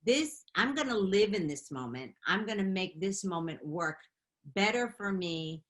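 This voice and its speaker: A middle-aged woman telling stories in a casual interview, animated and quick to laugh. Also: mid-range voice. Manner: animated, laughing, chatty storytelling. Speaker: interview guest, makeup artist and beauty founder.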